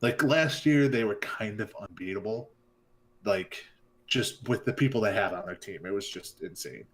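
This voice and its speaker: A man co-hosting an esports talk show, giving his views in a relaxed way, with plenty of likes and ums. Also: lowish voice, normal speed. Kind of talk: casual esports podcast chat.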